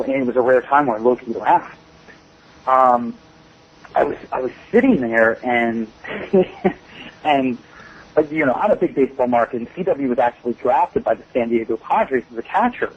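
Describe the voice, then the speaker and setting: A man's voice: medium pitch, highs cut off, a little hiss or hum. A man being interviewed as a wrestling guest, telling rambling stories and laughing often. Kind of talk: shoot interview storytelling.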